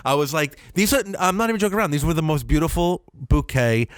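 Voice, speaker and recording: A man co-hosting a podcast, telling a comic story in a casual, profane way and jumping into high voices when he quotes people. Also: lively intonation, fast, clean tone, no echo, studio quality. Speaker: podcast co-host. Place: podcast studio.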